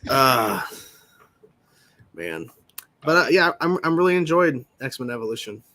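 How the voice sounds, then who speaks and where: A male stream host chats casually, his pitch jumping all over in an animated way. He rambles and restarts his sentences often. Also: measured pace. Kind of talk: casual live-stream chat.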